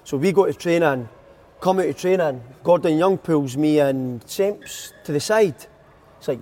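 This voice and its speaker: A man's voice: a little high, normal speed, dark tone. A young Scottish man, a footballer telling stories in a casual podcast chat, laughing often. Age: young adult. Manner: chatty storyteller, laughs a lot.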